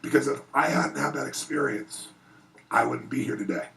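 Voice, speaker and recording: A man giving an earnest, animated personal storytelling speech at a private event before an audience. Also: medium pitch, moderate pace, creaky, recorded from a distance, rough recording. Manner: earnest, animated, rising excitement in retellings. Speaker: motivational speaker.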